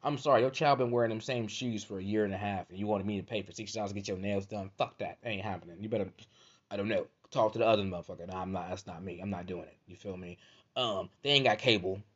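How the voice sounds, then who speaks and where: A man's voice: lowish voice, fast talker. A man delivering a profane comedic rant as a podcast host, repeating "you feel me" constantly. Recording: dull lo-fi audio.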